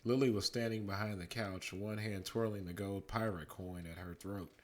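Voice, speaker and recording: A dad reads a bedtime story aloud, calm and measured, his slightly low voice staying unhurried like a parent settling kids for the night.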